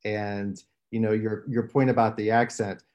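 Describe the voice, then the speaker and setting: Male host, low voice, faint Southern accent, unhurried questions. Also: level tone, a little mellow, dull audio. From Southern West Virginia. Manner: measured, many fillers and restarts. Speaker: interviewer host. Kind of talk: conversational interview.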